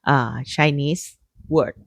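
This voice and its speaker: Thai woman with a thai accent, chatting real slow and halting on a podcast, dry sound. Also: sits low, steady tone, no room sound. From Thailand. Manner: halting, searching for words, soft. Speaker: podcast co-host. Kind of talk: casual chat.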